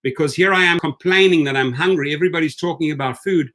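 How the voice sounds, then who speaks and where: A man hosting a casual livestream for gig drivers, chatty and excitable, reading viewer comments aloud. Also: on the high side, fast.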